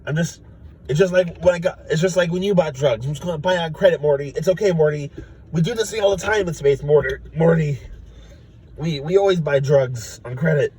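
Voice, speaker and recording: A man's voice: on the high side, a little fast, warm tone, breathy edge, voice pushed up. Rick: a man doing a brash cynical old scientist. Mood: nonchalant. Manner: nonchalant, repeats the sidekick's name.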